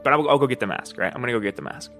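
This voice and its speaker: A man's voice: medium pitch, rapid-fire, pushed and bright, faint music behind. A man hosting a podcast, talking casually in a rambling monologue, swearing, laughing and often asking "you know what I mean?". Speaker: podcast host.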